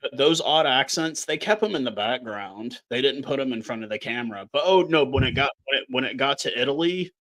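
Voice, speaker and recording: A man's voice: medium pitch, expressive, fairly quick, few pauses, fairly bright tone. A man from Canada co-hosting a casual podcast, talking bluntly and ranting with plenty of swearing. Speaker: podcast co-host. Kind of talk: casual chat.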